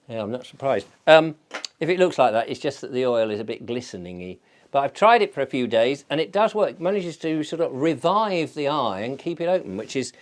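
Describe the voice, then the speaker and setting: Male host, relaxed and digressive, chats like he's spinning yarns to friends. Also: mid-range voice. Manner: digressive storyteller, chatty with many fillers. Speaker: channel host. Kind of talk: casual rambling vlog chat.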